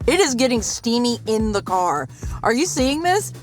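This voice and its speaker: A playful woman co-hosts a cooking show, full of laughs and goofy asides. Her voice swings widely up and down in pitch. Clear music plays behind her. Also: sing-song, normal speed. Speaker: co-host. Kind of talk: casual cooking chat.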